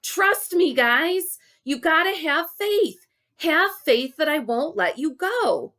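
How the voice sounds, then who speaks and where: A woman's voice: extremely high pitch, lively intonation, slow pace, pitched above the performer's own voice, exaggerated voice. A woman voicing Dale, a boy calling out from the water and coaxing his friends to trust him. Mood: urgent coaxing. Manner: coaxing, shouting.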